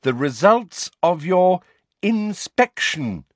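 Brief: toad-like simpering inspector woman, read by a man, high pitched, loud, slow and patronizing. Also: big pitch swings, dry recording, full character voice. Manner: slow, loud, over-enunciated. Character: sugary, condescending middle-aged woman inspector, toad-like.

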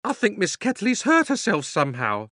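A man voicing an excited, eager young housemaid in an audiobook reading. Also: sits high, moderate pace, no echo, studio quality, voice pushed up, full character voice.

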